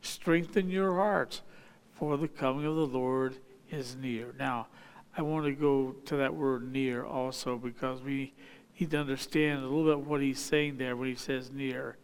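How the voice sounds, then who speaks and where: A man preaching a sermon as a pastor. He reads scripture aloud, then explains it slowly, pausing often with fillers. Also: mid-range voice, fairly even intonation, clean tone, long reverb tail.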